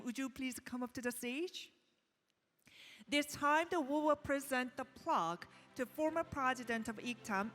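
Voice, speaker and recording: Woman, MC at an awards presentation, formal and careful, high voice, faint background music. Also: a bit bright. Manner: formal, reads out citations. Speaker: master of ceremonies. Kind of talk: formal ceremony announcing. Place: banquet hall.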